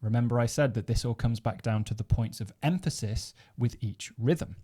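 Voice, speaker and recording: Dark-voiced male drum teacher. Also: mid-range voice, moderate pace. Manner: methodical, counts beats aloud while playing. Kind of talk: instructional explanation.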